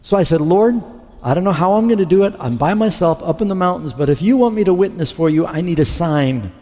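A man's voice: sits high, lively intonation, fairly quick, mellow. A middle-aged man preaching a sermon, telling his conversion story and acting out his past dialogue. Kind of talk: sermon testimony. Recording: long hall reverb.

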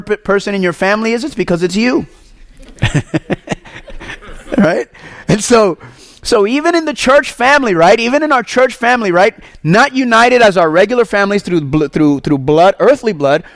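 A man from Puerto Rico preaching a sermon as pastor, animated and asking the congregation questions. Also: sits high, no echo.

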